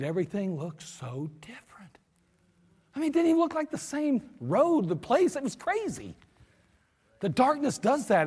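A man delivers a sermon in an animated storytelling manner and acts out the voices of the people in it. His voice sits high and swings widely in pitch. A long reverb from a large hall trails behind every phrase. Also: husky. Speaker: preacher.

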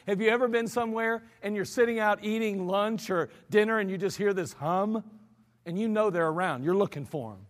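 American pastor, man; high pitch, conversational sermon with animated quotes, long church reverb. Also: brisk. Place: church sanctuary.

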